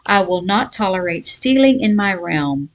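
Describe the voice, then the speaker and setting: A woman's voice: medium pitch, lively intonation, normal speed, natural voice. Woman reading as a proud stern king. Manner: indignant commanding proclamations. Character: stern proud old king of a folk tale.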